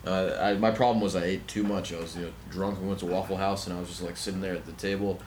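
A man's voice: deep voice, level tone, fast, darkish tone, slight background noise. A young man co-hosting a loose, comedic podcast chat, rambling goofily and sometimes breaking into silly songs. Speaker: podcast co-host.

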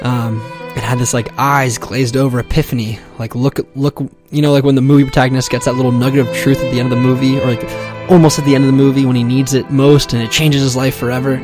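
Young man, mid-pitched voice, crude self-mocking storytelling, music playing underneath. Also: level tone, fast, few pauses. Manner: casual, profane, self-mocking storytelling with many fillers. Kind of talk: comic personal story told to an audience.

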